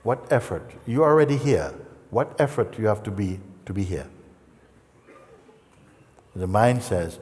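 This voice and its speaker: Low-voiced man teaching in a reverberant hall. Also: expressive. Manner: gentle, playful, with long pauses and soft asides. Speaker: spiritual teacher. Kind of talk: satsang talk.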